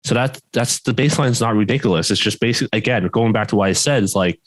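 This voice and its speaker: A man co-hosting a podcast in casual chat, stern and even-toned, his voice worn and starting to go. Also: on the low side, fast talker, hardly any pauses, dry recording. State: losing his voice. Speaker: podcast co-host, martial arts instructor.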